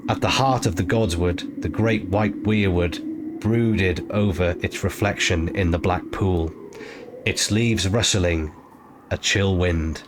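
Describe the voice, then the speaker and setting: A man reading an audiobook chapter in a measured, steady narration. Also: deep voice. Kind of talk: scripted narration. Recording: noisy ambient background.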